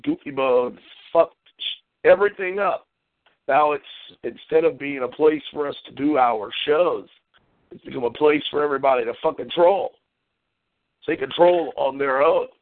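A man's voice: medium pitch, dry recording. A man hosting a casual talk show, ranting profanely and venting. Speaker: podcast host. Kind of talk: casual chat. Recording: tinny phone line.

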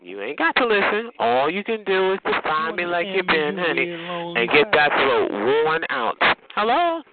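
A man's voice: sits high, big pitch swings, unhurried, phone-quality sound, very noisy. A man hosting a phone chat line, roasting a caller in a sassy, theatrical way and calling everyone honey.

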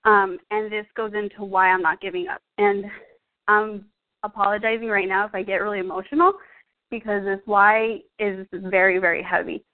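A woman's voice: mid-range voice, fairly even intonation, normal speed. A young woman sharing her personal story as a fitness coach, earnest and emotional, full of "like" and "um". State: out of breath. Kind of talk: personal testimonial. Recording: tinny phone-like audio.

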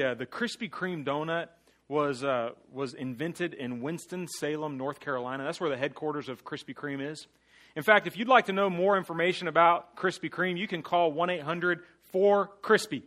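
A man delivering a guest sermon in a slightly higher voice. He moves between soft, earnest appeals and loud rallying calls to the congregation. Playful jokes break up the message. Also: normal speed. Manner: swings from hushed earnest pleading to loud rallying call-and-response; playful, jokey asides to the congregation. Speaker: guest preacher.

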